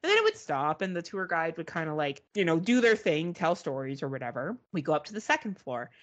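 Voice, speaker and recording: Lively woman telling a story. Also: low voice, brisk. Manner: animated, swearing, mimics beeping sounds. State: arm in a sling. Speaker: podcast co-host. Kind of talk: casual storytelling chat.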